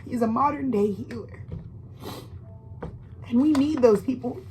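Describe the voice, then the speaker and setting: Brief: woman tarot reader, fairly high voice, slangy and profane, rambling direct address, faint noise behind. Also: measured pace, dark tone, poor audio. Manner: rambling, emphatic and profane, with frequent restarts. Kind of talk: casual tarot reading monologue.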